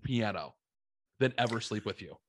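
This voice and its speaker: A man's voice: on the low side, lively intonation, moderate pace, slight background noise. A man co-hosting a casual podcast, blunt and emphatic, often restarting his sentences. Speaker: podcast co-host. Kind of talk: casual chat.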